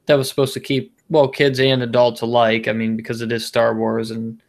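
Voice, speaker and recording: A man's voice: medium pitch, completely flat delivery, brisk, gravelly. A man co-hosting a casual podcast, talking in a rambling way with many restarts and fillers. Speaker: podcast co-host. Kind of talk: casual chat.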